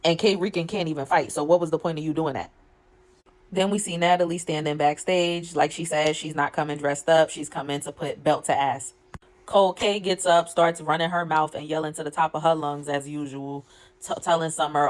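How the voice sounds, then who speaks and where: Blunt, gossipy low-voiced woman. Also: fairly even intonation, fairly quick. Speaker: reality show commentator. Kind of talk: casual recap vlog.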